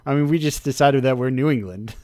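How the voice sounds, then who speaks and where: A man's voice: medium pitch, a little mellow, no room sound, clean studio sound. A man chatting casually on a podcast, rambling with restarts and frequent laughter. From United States. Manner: rambling, halting, often laughing. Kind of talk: casual chat.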